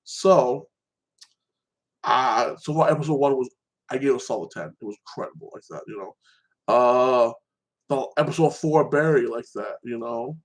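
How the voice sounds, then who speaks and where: A man's voice: mid-range voice, normal speed, rough recording. A man hosting a casual solo chat, rambling through TV episode recaps and filling his talk with "like that" and "you know". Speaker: show host.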